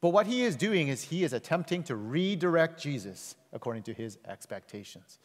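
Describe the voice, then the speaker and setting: A male pastor preaching a sermon with emphatic delivery, surging loud and high, then dropping low and quiet. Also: big pitch swings, normal speed. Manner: emphatic, swings between loud rises and soft low drops. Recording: long reverb of a large hall.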